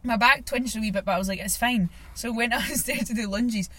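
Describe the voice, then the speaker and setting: A woman's voice: fairly high pitch, a little fast, fairly bright tone, husky. A young woman co-hosting a podcast, talking in a chatty, rambling way and laughing often. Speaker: podcast co-host. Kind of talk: casual chat.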